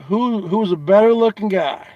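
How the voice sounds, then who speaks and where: A man hosting a casual comedy show, asking his audience teasing questions over and over in a drawn-out way. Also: sits high, no room sound, highs cut off. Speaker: host.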